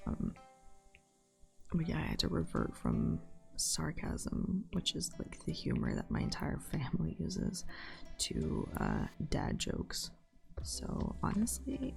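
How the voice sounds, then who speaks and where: A young woman streamer chatting casually while she draws, sarcastic and slangy, swearing freely and slipping into soft whispery asides. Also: lowish voice, vocal fry. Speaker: live streamer.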